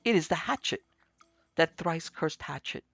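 A man's voice: fairly high pitch, expressive, a little slow, fairly bright tone, no room sound, highs cut off, exaggerated voice. A man voicing a terrified, guilt-stricken German chemistry lecturer who speaks huskily and raves. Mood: frantic. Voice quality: husky. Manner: frantic, raving.

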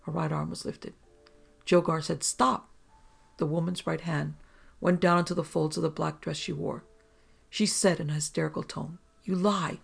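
Gravelly, husky story narrator. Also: medium pitch, little pitch movement, moderate pace. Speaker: audiobook reader. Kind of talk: narrating a pulp detective story.

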